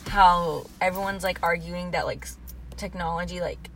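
A woman's voice: fairly low pitch, level tone, normal speed, a bit bright, a little hiss or hum. A young woman co-hosting a podcast in casual chat, talking in a valley-girl way and saying "like" constantly. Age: young adult. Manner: valley girl speech, heavy use of "like". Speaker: podcast co-host.

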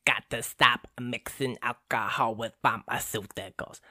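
Man imitating a rapper, rhythmic half-whispered flow, bright tone, dry sound. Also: medium pitch, fairly even intonation, measured pace, no echo. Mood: rapping. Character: impression of a male rapper.

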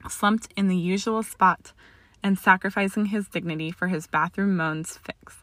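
A woman narrating a story aloud in a steady, expressive audiobook reading. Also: medium pitch, moderate pace, no room sound. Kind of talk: audiobook reading of fan fiction.

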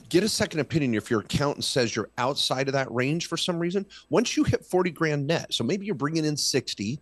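Animated, emphatic middle-aged man. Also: mid-range voice, no room sound. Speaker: small business tax lawyer guest. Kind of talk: casual podcast chat.

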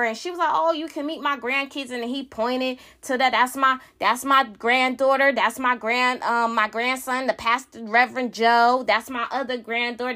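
A woman's voice: sits high, bright, forceful tone. A woman telling a story to the camera in a casual rant, blunt, heated and full of swearing. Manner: profane, heated, blunt retelling. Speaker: vlogger.

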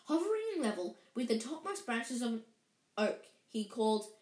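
A woman's voice: a little high, normal speed. Woman reading a story aloud, roomy echo. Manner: lively, with frequent slips and restarts. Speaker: reader. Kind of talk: reading a children's book aloud.

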